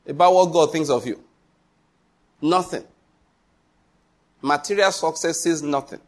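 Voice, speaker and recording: A man's voice: a little high, unhurried, pauses often. A man preaching a sermon as pastor, emphatic, full of repetition and rhetorical questions.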